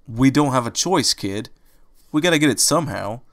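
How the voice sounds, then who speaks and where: A man voicing a gruff, streetwise male rabbit in a fan audiobook reading, talking in an impatient, grumbling, sarcastic way. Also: mid-range voice, lively intonation, normal speed, fairly bright tone, no echo, studio quality.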